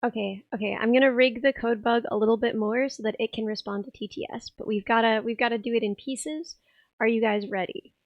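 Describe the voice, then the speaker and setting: A young woman with a hoarse, raspy voice, chatting casually on a live stream and laughing as she reads chat. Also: a little high, fairly even intonation, fairly quick, no room sound, dull audio. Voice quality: rough, raspy voice. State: hoarse, tired voice.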